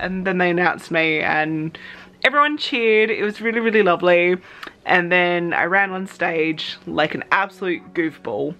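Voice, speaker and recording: Chatty Australian woman, low voice. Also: a little slow, faint music behind. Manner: chatty, excited retelling, acts out her own reactions. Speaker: cosplay vlogger. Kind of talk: casual vlog chat.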